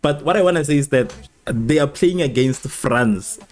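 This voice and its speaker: A man hosting a live football watchalong, rambling and repeating himself, who laughs at his own slips and jumps high in pitch at exciting moments. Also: moderate pace. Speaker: watchalong host. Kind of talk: live match watchalong chat.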